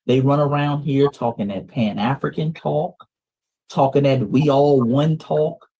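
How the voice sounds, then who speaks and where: A man's voice: medium pitch, unhurried, warm tone. A man with a Southern US accent hosting a commentary show, speaking emphatically and addressing viewers as family. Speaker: show host. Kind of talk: commentary on news clips.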